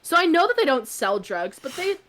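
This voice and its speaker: A young adult woman co-hosting a podcast, telling a story in a chatty, animated way full of "like". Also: high voice, a little fast. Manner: chatty, peppered with "like", animated retelling. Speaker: podcast co-host. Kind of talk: casual anecdote on a podcast.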